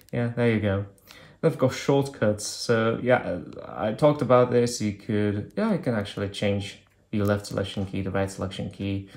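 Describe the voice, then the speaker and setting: A man reviewing an old phone, talking casually and thinking aloud with hesitant fillers as he clicks through menus. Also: lowish voice. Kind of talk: casual hands-on product demo.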